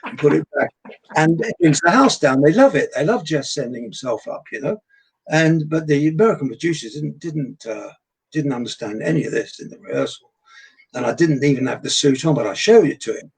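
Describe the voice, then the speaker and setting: Older English entertainer, husky, raconteur who acts out his anecdotes. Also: a little high, brisk, low-quality recording. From England. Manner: animated storyteller, acts out quoted voices. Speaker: guest entertainer. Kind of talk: anecdotal chat.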